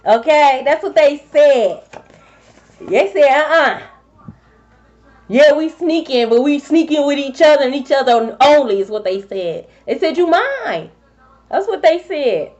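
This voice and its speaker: A woman's voice: high-pitched, lively intonation, unhurried, a little mellow. A woman giving a casual tarot reading, blunt and profane as she talks straight to her viewers. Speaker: tarot reader. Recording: slightly dull lo-fi sound.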